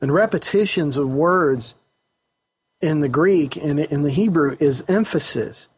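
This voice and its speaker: Counselor guy talking faith, kinda husky, circles back on his words a lot, muffled lo-fi sound. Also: on the high side, a little slow. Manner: earnest, repeats words while searching for phrasing. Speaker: counselor host. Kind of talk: casual faith talk. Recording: dull lo-fi recording.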